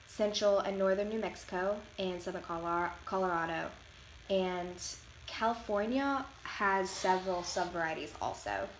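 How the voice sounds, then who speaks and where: A woman reading a prepared class presentation in a careful, explanatory way, slowing down to show how words are said. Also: medium pitch, fairly bright tone, echoey room, slight background noise, low-quality recording. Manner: careful, explanatory, slows to demonstrate pronunciations. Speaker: student presenter.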